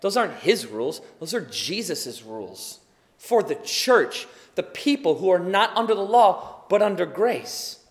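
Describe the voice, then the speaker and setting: A tired man preaching as a pastor, earnest and swinging from quiet to loud emphasis. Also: high voice, big pitch swings, measured pace, long reverb tail. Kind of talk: sermon.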